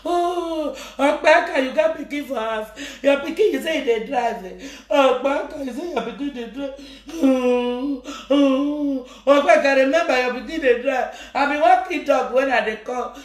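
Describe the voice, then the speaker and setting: A fairly high-voiced woman with a Nigerian Pidgin English accent, teasing her viewers in a live-stream monologue. She talks playfully, laughs and breaks into chants. The sound is roomy and echoey. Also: normal speed. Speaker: social media personality. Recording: echoey room.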